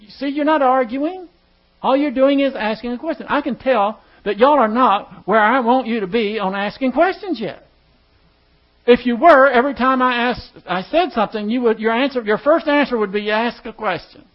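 A man's voice: very high-pitched, moderate pace. A man teaching a class in a conversational way, putting questions to his listeners. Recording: dull lo-fi recording.

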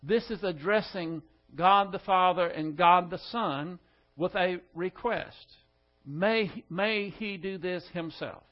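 A man's voice: sits high, takes it slowly, dull audio. A male pastor giving an expository Bible lesson, methodically explaining the word order of the Greek text.

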